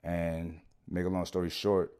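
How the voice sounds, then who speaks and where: A man's voice: low voice, flat delivery, a little slow, darkish tone, clean tone. A man, a podcast guest, telling a long personal story in a casual, slangy way, swearing often and checking in with "you know what I'm saying".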